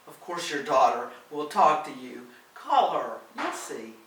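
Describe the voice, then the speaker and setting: A man voicing a calm, reassuring woman who comforts her friend, soothing and affectionate, recorded far off in a roomy space. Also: on the high side, unhurried, full character voice. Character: calm reassuring woman, loyal travel companion. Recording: roomy, distant, faint hiss.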